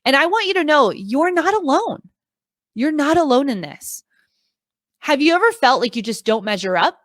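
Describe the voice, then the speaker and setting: A woman's voice: high voice, very animated, normal speed, no echo, clean studio sound. A woman in her thirties giving a motivational talk to a live online audience as a video coach, earnest and emphatic, repeating her key phrases. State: emotional, near tears at times.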